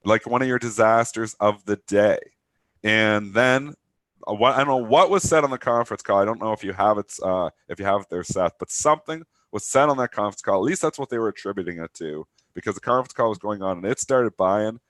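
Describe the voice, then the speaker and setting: A man in his thirties with a cold, co-hosting a live trading show in animated, rapid chat. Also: fairly low pitch, dry recording. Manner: animated, rapid trader talk. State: stuffy from a cold. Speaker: co-host of a trading talk show. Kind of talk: casual live market chat.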